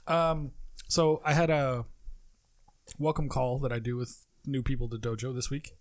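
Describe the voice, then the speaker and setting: A man's voice: medium pitch, fairly even intonation, normal speed, dry recording. A man co-hosting a podcast, telling stories in a chatty, casual way. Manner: chatty and laughing storyteller. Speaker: podcast co-host. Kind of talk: casual chat, storytelling.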